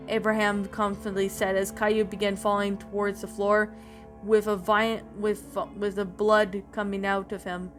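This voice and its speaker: Speaking at normal speed with medium pitch and a flat delivery, this woman reads a creepypasta-type tale aloud. Her reading is full of slips and restarts, set against faint background music.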